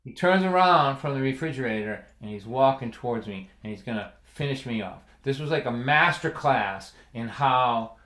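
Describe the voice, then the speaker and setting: A man's voice: mid-range voice, moderate pace, hardly any pauses. Chatty sixty-something man. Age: 60s. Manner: chatty, animated storyteller, repeats "right?". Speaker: folk singer and livestream host. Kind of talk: storytelling between songs. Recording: roomy echo.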